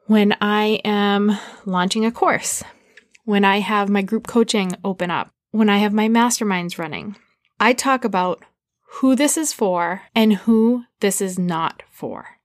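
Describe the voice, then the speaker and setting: A woman's voice: mid-range voice, no echo, studio quality. A woman hosting her own podcast, giving business advice in a casual, conversational way with lots of "like". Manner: conversational, frequent "like", upbeat coaching tone. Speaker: podcast host.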